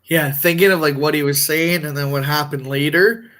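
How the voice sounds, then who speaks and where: A man's voice: a little high, steady tone, normal speed, a bit bright. A man co-hosting a podcast in casual chat, laughing often and repeating words as he hesitates. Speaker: podcast co-host.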